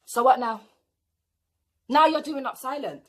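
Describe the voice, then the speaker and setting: A woman's voice: high-pitched, unhurried, fairly bright tone. A young British woman with a sassy, indignant manner, telling a storytime vlog. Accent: British English. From England. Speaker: vlogger.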